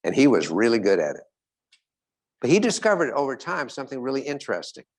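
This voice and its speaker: A man speaking as a motivational speaker, telling stories to a live audience, asking it questions and slowing down on key points. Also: medium pitch, huge pitch swings.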